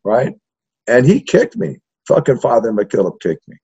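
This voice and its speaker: Animated older man telling stories. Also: medium pitch, normal speed, vocal fry, slightly rough. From East Los Angeles. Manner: profane, animated, keeps adding "right?". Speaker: interview guest, history professor. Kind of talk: casual storytelling. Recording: dull lo-fi sound.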